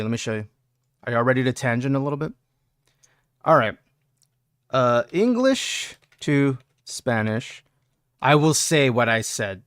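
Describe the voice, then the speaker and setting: Animated man telling a story on stream. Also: medium pitch. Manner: animated storytelling, laughs often. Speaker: game streamer. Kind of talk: casual chat while gaming.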